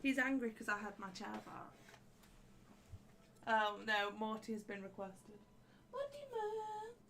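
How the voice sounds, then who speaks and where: A woman's voice: mid-range voice, fairly even intonation, a little slow, pushed and bright, a little hiss or hum. A woman co-hosting a livestream, making dry offhand remarks in casual chat. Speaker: co-host on a stream.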